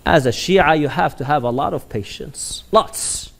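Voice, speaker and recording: A man's voice: on the high side, unhurried, gravelly. A man preaching a sermon, telling stories with animation and putting questions to his audience.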